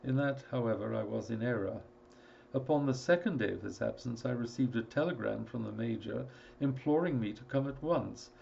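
A man narrating a classic story in a steady, measured storytelling voice. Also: mid-range voice, gravelly, muffled recording, slight background noise. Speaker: audiobook narrator. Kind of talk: scripted narration.

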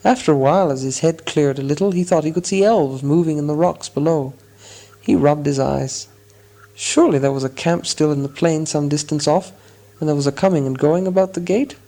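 A man reading a story aloud as audiobook narrator, in a measured storytelling manner. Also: on the high side, warm tone. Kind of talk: scripted narration.

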